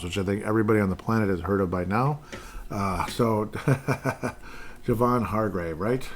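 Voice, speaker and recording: Guy doing a solo sports podcast, kinda low voice, rambles and cracks jokes, plays with his voice. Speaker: podcast host.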